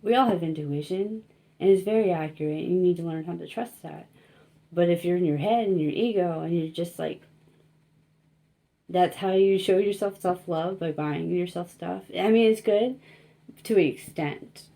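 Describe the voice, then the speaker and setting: A woman's voice: fairly low pitch, normal speed, creaky, dark tone. A young woman giving a casual tarot reading, rambling and self-conscious, laughing often and filling her talk with likes and you-knows. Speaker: tarot reader.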